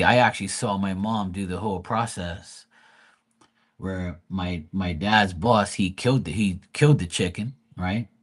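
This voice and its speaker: Husky-voiced man rambling with profanity. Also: low voice. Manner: profane, rambling, animated quoting of family. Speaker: livestream host. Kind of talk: casual storytelling on a livestream.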